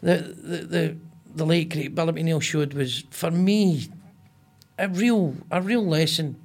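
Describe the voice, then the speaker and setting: A man's voice: on the high side, slow pace, faint music behind. An older man with a Scottish accent, a comedian guest telling stories in casual chat with many stammered restarts. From Scotland. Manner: animated storyteller with stammered restarts.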